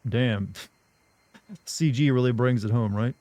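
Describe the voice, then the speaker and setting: A man's voice: medium pitch, takes it slowly, warm tone, dry recording. A man chatting casually with viewers while streaming a game, rambling, joking, and laughing often. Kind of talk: casual chat while playing.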